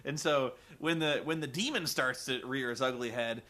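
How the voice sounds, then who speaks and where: A man's voice: medium pitch, moderate pace, sharp tone. A man giving a comedic film review in a rambling, profane way, full of fillers.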